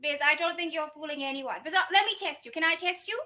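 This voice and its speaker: A woman's voice: high-pitched, fast, sharp tone. A young woman from Canada hosting a comic livestream in a prim, theatrical, teasing manner. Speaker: host.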